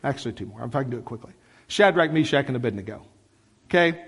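A middle-aged male pastor preaching a sermon in a church, telling stories with lively, conversational asides. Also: medium pitch, quick pace, slightly rough, in a large hall. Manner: animated, conversational storytelling with asides. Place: church sanctuary.

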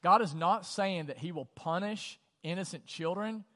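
A man's voice: high voice, moderate pace, a bit bright. A male pastor delivering a sermon in a conversational style, often saying "like" and putting questions to the congregation. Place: church auditorium. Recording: long church hall reverb.

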